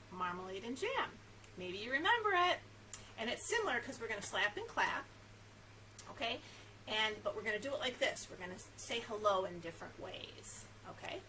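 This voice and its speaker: A woman children's librarian at story time, talking to young children in an animated, sing-song way and reading a picture book aloud. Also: a little high. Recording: distant mic with faint background noise.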